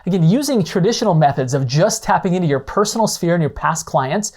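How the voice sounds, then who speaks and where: A man's voice: sits high, lively intonation, quick pace. A man explaining real estate leads and referrals as a coach, acting out short phone calls as examples. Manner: explanatory, slightly dramatized role-play of callers. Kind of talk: instructional talk with acted phone-call examples.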